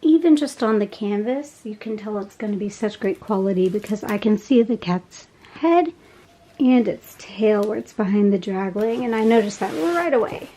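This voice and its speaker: A woman chatting casually as she unboxes craft kits, gushing with soft laughs. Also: medium pitch, normal speed, poor audio. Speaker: unboxing vlogger.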